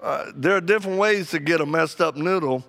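Male preacher, animated comic storyteller, raised pitch, gravelly edge. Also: fairly quick.

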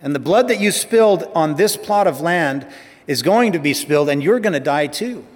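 A stern prophet, as a preacher voices him. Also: male voice, fairly high pitch, lively intonation, normal speed. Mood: rebuking. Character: stern old male prophet, rebuking. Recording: long hall reverb.

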